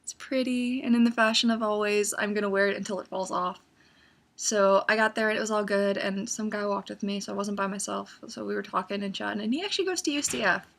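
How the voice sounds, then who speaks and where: A young woman vlogging in a casual, storytelling way, animated and acting out her own excitement as she recounts events. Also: medium pitch, quick pace, creaky.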